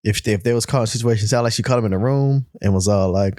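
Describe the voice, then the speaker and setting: A man co-hosting a podcast, reacting in animated casual chat and imitating the people he talks about. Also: lowish voice, quick pace, no echo, clean studio sound. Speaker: podcast co-host.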